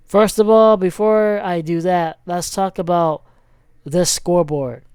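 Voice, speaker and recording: A man's voice: high-pitched, fairly even intonation, unhurried, darkish tone, clean tone, dry recording, studio quality. A man giving a casual, rambling sports recap as he clicks through a screen, with many fillers and self-corrections. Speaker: sports vlogger.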